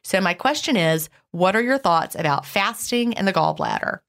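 This woman's voice is gravelly and fairly low, and she speaks at a moderate pace. As a podcast co-host she chats animatedly, drops in "you know" often, and reads out listener questions.

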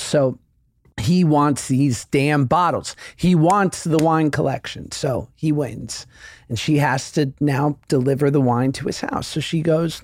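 A podcast host spins quick anecdotes in casual conversation and laughs easily along the way. The voice sits at a middling pitch. It is recorded close and dry. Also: darkish tone, no echo. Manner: chatty storyteller, laughing easily.

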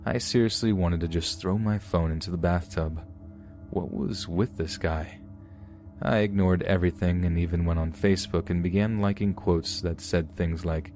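A man narrating true scary stories in a measured, steady way. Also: low voice, slight background noise. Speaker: podcast narrator. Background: faint music.

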